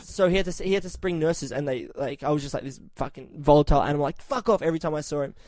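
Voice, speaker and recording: There's no echo on this recording of an Australian man racing through a podcast anecdote in a fairly high voice. He curses freely, keeps the energy up, and yells when quoting what he said.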